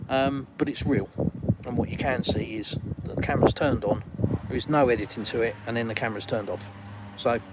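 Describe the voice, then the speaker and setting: A man's voice: medium pitch, heavy background noise. An English man hosting a casual live stream outdoors in a garden, rambling and colloquial as he reads viewers' comments aloud. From England.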